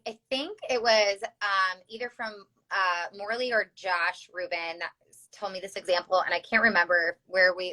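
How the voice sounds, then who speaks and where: A woman's voice: mid-range voice, sharp tone, low-quality recording. A woman with a Chicago accent, explaining health topics as a podcast guest, using analogies and many fillers and restarts. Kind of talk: conversational podcast interview.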